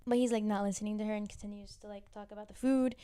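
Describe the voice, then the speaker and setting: A woman's voice: mid-range voice, fairly even intonation, fast, dark tone, clean tone. A young woman hosting a casual recap of a TV drama, talking chattily with lots of "like" fillers and side comments. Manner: chatty, full of "like" fillers and asides. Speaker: YouTube recap host.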